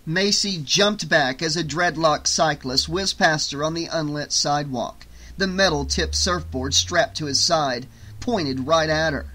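A man narrating an audiobook in a steady, measured reading. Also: on the high side. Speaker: audiobook reader.

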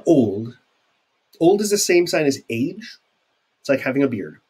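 A man's voice: medium pitch, sing-song, measured pace, long pauses, a little mellow, husky. A man teaching sign language vocabulary in a recorded video lecture, chatty and informal, with fillers and asides.

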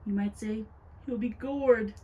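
A woman's voice: a little slow, dark tone, breathy edge. A woman voicing a gleeful, cruel witch in a sugary, mocking tone. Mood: gloating. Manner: sugary, mocking, pitched up high.

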